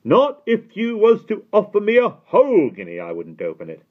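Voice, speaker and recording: A man playing a rough, greedy male gatekeeper who growls and sneers in loud slang. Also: on the high side, expressive, normal speed, pitched above the performer's own voice, lightly acted. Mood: sneering. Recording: tinny phone-like sound.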